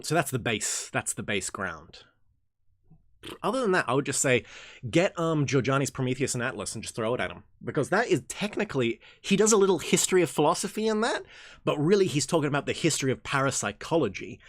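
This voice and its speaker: Young man, reading-group host, jokey tangents, lively rising pitch, dry close sound. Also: dry recording. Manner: animated and jokey, swings from excited outbursts to low mumbles; reads passages aloud, then rambles in tangents. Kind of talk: casual reading and commentary livestream.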